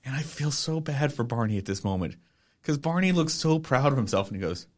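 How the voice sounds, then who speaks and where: A man's voice: medium pitch, lively intonation, brisk. A man co-hosting a podcast, chatting casually about a TV episode with wry asides and some swearing. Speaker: podcast co-host. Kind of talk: casual comedic chat recapping a TV episode.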